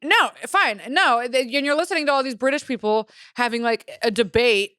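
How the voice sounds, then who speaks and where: A woman's voice: a little high, moderate pace, a bit bright, clean tone, no room sound, studio quality. Blunt, swearing young woman podcaster. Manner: blunt, swears a lot, jokey. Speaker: podcast co-host. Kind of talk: casual chat.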